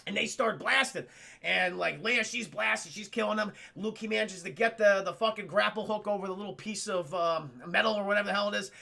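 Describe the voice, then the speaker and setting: A man streaming live, recapping a film to his chat in a casual, profane, animated way. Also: high-pitched, fairly quick, vocal fry. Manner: profane, animated, laughs often.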